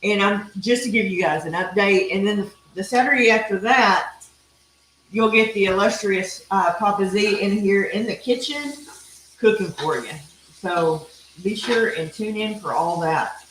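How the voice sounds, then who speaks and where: A woman's voice: mid-range voice, a little slow, a bit bright, reverberant, rough recording. A middle-aged woman from Texas with a Texan accent, hosting a cooking live stream in a chatty, folksy way with rambling asides. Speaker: cooking show host. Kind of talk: casual live-stream chat while grilling.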